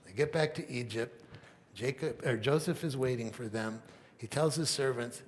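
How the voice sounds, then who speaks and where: Casual storytelling pastor in reverberant church. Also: male voice, mid-range voice, normal speed, slight background noise. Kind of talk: sermon, retelling a Bible story. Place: church sanctuary.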